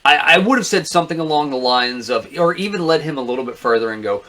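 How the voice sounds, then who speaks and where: A man's voice: on the high side, animated, fast, hardly any pauses, noisy background. A man co-hosting a wrestling podcast in casual chat, blunt and opinionated, swearing freely. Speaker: podcast co-host.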